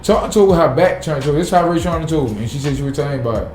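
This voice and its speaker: A man talks fast and bluntly, swearing freely, his pitch sitting a little high and his tone dark and mellow. The room echoes around him, with faint music underneath. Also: expressive. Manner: blunt, profane, fired-up. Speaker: city sanitation worker, guest. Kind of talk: casual podcast interview.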